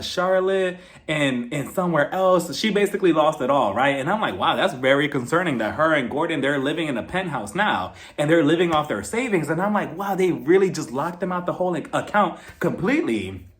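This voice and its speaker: Animated man recapping gossip. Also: on the high side. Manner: animated, dramatic retelling with exclamations. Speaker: reality TV reviewer.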